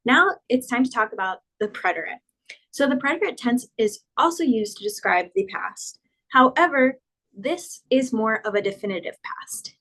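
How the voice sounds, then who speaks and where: Female teacher, patient explainer, walks through conjugation tables slowly and clearly. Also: on the high side, a bit bright, poor audio. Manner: patient, spells out verb endings, slows down for examples. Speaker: Spanish teacher. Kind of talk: explanatory grammar lesson.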